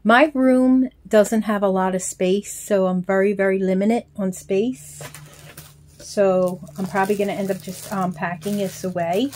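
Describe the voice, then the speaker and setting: A woman's voice: mid-range voice, fairly even intonation, unhurried, darkish tone, a little hiss or hum. An older grandmother chatting casually to viewers, gushing and heartfelt, with frequent ums, filmed on a handheld phone in her small room at home. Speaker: reborn doll collector vlogger. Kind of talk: casual chat to camera.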